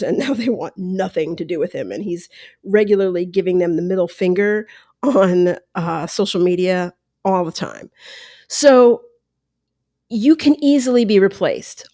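A woman's voice: medium pitch, darkish tone, dry recording, clean studio sound. A woman hosting a podcast at home, talking through her opinions in a casual, conversational way with asides. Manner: conversational, talks through ideas with asides and quoted voices. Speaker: podcast host. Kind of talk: casual solo commentary. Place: room at home. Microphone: headphones and close mic at home. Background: dog lapping water.

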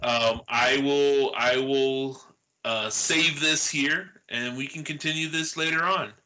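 A man's voice: medium pitch, fairly even intonation, slow, bright, forceful tone, highs cut off. A man narrating a tabletop game as game master, casual and profane. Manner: profane, laid-back, laughs often.

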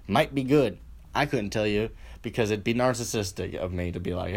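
A man's voice: fairly low pitch, unhurried, creaky. A man hosting a solo podcast, ranting in a rambling, profane and sarcastic way. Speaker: podcast host.

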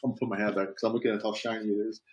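A man's voice: lowish voice, little pitch movement, rapid-fire, highs cut off. A police officer telling a story in a casual, easygoing way, often tossing in "man". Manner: easygoing, peppers talk with "man".

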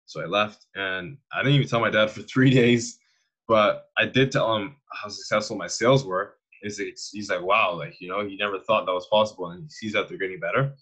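A man's voice: lowish voice, a little fast, husky, low-quality recording. A young man in his twenties from Canada, a fitness coach telling stories as a guest in a casual, slangy way and laughing often. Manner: slangy, animated storyteller who laughs often. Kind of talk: casual conversational interview.

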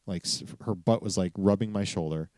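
A man's voice: sits low, brisk, a little mellow, no room sound. A man in his thirties co-hosting a casual travel podcast, rambling through stories with a slightly curmudgeonly, wry manner. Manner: rambling storyteller, self-described curmudgeonly. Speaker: podcast co-host.

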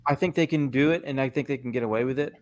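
A man with a mid-range voice co-hosts a podcast in casual chat. He speaks in a measured way, restates what he just said and stumbles over his words. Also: mid-range voice, background noise. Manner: measured, repeats himself, stumbles. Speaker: podcast co-host.

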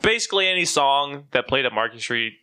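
A man co-hosting a casual podcast, laid-back and quick to laugh. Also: medium pitch, expressive, pushed and bright, clean tone. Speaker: podcast co-host. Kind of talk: casual chat.

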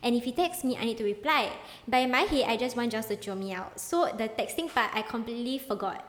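A woman's voice: a little high, expressive, fast talker, in a large hall. A young woman hosting a podcast, talking frankly and emotionally in casual chat. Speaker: podcast host.

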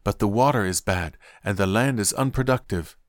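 A man's voice: on the low side, moderate pace, no echo, studio quality, natural voice. A man reading the part of worried town leaders addressing a prophet in a Bible story reading. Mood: concerned.

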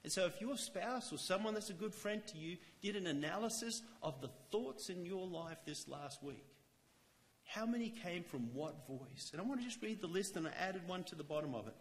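A man's voice: high-pitched, animated. Earnest man preaching in a reverberant hall. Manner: earnest, conversational, slows to stress key lines. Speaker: lay church speaker. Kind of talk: sermon. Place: church chapel.

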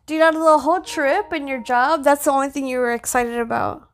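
A woman's voice: high-pitched, steady tone, a little fast. A woman co-hosting a podcast in casual chat, teasing and frank. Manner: teasing, frank, laughs easily. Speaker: podcast co-host.

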